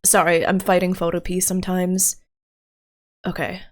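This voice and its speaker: In a fairly low, monotone voice at normal speed, a woman chats on her livestream. She talks through what she's doing as she works, with frequent giggles and filler words.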